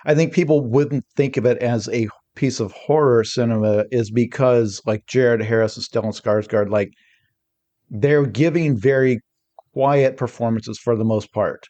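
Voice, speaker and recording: A man talking as a podcast guest, energetic and rambling, often restarting his sentences mid-thought. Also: mid-range voice, a little slow. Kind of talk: casual podcast discussion.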